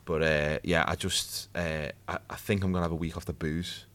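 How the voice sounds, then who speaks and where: Podcast co-host: man, 30s, very low voice, chatty and self-mocking. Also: level tone, moderate pace, a bit bright. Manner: chatty, jokey, self-deprecating. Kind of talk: casual chat.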